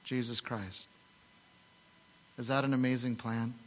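A man's voice: mid-range voice, flat delivery, a little slow. A man preaching a sermon to his congregation, telling the story animatedly and asking rhetorical questions. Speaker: pastor. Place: large church hall. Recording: long hall reverb.

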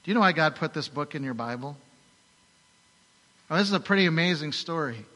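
A pastor preaches, a man telling a story with animation and rhetorical questions. His voice is bright and a little high. A long reverb fills the large church hall around him. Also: animated, brisk. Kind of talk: sermon.

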